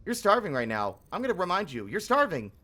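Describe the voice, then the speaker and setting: Man doing a nagging game voice, high-pitched, singsong, repetitive, mocking. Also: huge pitch swings, fast talker, bright, forceful tone, full character voice.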